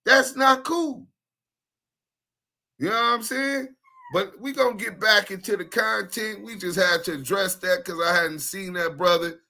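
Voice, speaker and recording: A man's voice: sits high, sharp tone. A man co-hosting a podcast in casual chat, blunt and confrontational with a lot of street slang. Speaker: podcast co-host.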